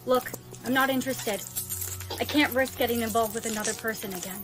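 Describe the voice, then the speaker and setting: A text-to-speech female voice reading a wary, heartbroken teenage schoolgirl in a short skit, with a flat, synthetic delivery. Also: a little high, fairly quick, faint music behind, natural voice. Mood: guarded.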